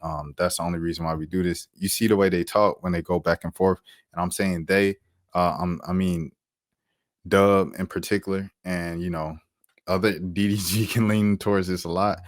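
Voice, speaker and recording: Young male commentator, deep voice, dry close sound, repeats himself for emphasis. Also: fairly even intonation, moderate pace, no room sound. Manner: slangy, repetitive, emphatic. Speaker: YouTube commentator. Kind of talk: casual commentary vlog.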